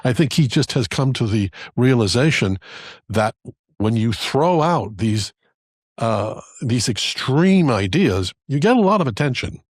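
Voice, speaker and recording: A man's voice: medium pitch, very animated, measured pace, slightly rough, dry recording, studio quality. A man co-hosting a casual political talk show, pushing back directly and skeptically. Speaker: podcast co-host.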